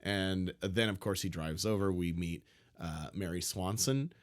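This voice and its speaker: A man's voice: low voice, measured pace. A man co-hosting a casual podcast, telling stories playfully and in detail. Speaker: podcast co-host.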